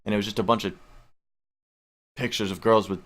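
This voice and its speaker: A man's voice: lowish voice, steady tone, fairly quick, a bit bright. Rambling young man telling a story. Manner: rambling, heavy on filler words, swears casually. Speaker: vlogger. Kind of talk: casual storytelling.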